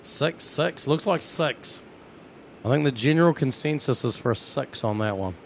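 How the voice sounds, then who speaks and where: A man with a New Zealand accent, hosting a live plane-spotting stream, chatty and excitable as he talks to his viewers outdoors at an airport. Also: medium pitch, normal speed, vocal fry, a little hiss or hum.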